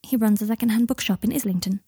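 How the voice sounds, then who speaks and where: An anxious, well-mannered young boy, read by a woman in a storybook reading. He speaks quietly and formally, sometimes in a near-whisper. The voice is warm, and the recording is dry. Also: medium pitch, quick pace, breathy edge, dry recording. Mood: nervous. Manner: hesitant, formal and quiet, often hushed. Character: anxious, polite eleven-year-old boy Scorpius.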